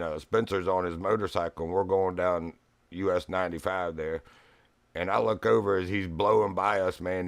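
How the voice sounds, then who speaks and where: In a dry recording, a low-voiced man from Virginia chats casually while streaming a fishing game. He's a rambling storyteller who chuckles a lot.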